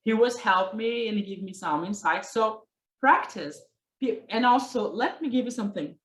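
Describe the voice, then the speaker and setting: A woman teaching presentation skills in a workshop, lively and talking straight to her listeners while she acts out examples. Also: medium pitch, moderate pace. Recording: echoey room.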